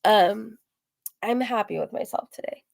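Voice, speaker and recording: A woman with a gravelly, hoarse-sounding voice, chatting casually on a livestream as she reads and answers viewer comments, rambling with lots of fillers. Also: mid-range voice, unhurried, a little mellow. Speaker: livestream host. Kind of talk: casual live-stream chat reading comments.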